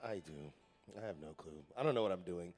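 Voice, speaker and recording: A man's voice: sits low, lively intonation, brisk. A man, a country singer-songwriter, chatting and telling stories on stage between songs, laughing and poking fun at himself. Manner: self-deprecating, laughing, loose storytelling. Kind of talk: onstage banter and storytelling between songs. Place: theater stage at a live benefit show. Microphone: stage microphone. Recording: live theater hall echo with guitar.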